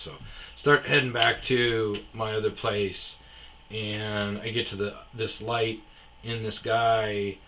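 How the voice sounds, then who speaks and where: A man telling a casual story, profane and animated, acting out the people in it. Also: fairly low pitch, a little hiss or hum. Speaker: storyteller host.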